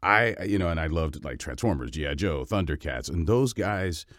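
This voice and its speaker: A man's voice: deep voice, expressive, normal speed, a bit bright, dry recording, studio quality. A man in his fifties, a voice actor from Cleveland, answering interview questions in a rambling, digressive way. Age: 50s. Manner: digressive, full of restarts and asides. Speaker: voice actor and guest.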